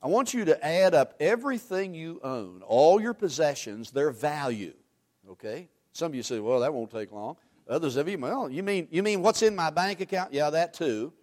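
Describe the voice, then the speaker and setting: A man preaching a sermon, animated, swinging from loud emphasis to hushed asides and quizzing the congregation. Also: fairly high pitch, moderate pace. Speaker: pastor.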